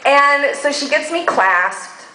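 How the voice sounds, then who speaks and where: Animated woman telling a bawdy story. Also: sits high, slow pace, slight background noise. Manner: bawdy, expressive, laughs often. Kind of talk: live comedic storytelling. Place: live venue with audience. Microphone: phone recording. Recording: echoey room phone recording.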